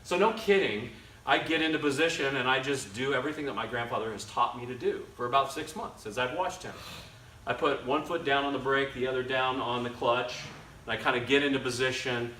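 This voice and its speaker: Animated man telling a story in a hall. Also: mid-range voice, a little fast, slight background noise. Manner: animated, acts out his grandfather's lines. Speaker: speaker at a men's ministry dinner conference. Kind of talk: storytelling talk to an audience. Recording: echoey hall, slightly distant mic.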